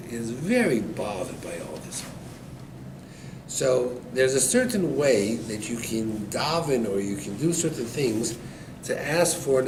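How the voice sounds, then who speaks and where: A man, a rabbi, giving an animated storytelling Torah class to listeners. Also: medium pitch. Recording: echoey room, distant mic, background noise.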